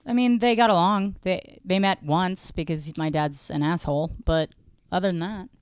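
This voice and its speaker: A woman's voice: on the low side, moderate pace, clear, resonant tone, no room sound. A woman hosting a podcast in casual chat, with dry, joking delivery. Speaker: podcast host.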